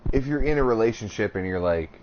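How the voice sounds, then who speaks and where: Man in his thirties, low voice, rambling crude podcast chat, slightly dull audio, faint hiss. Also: expressive, quick pace, a little mellow. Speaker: podcast co-host. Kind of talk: casual chat.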